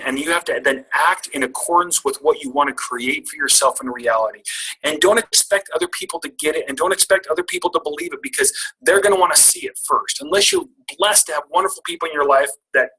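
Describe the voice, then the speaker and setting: A man's voice: a little high, sharp tone, poor audio. A middle-aged man speaking as a guest, telling a candid, self-deprecating personal story to make a motivational point. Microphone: call audio.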